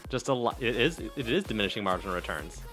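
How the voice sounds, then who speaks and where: A man's voice: lowish voice, lively intonation, fast talker, a bit bright, faint music behind. A man co-hosting a casual live stream, joking and rambling in a self-deprecating way. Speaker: co-host.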